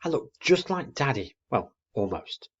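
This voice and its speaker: A man voicing an eager, hungry little baby barn owl in a high, excited childish voice. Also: a little slow, breathy edge, muffled recording.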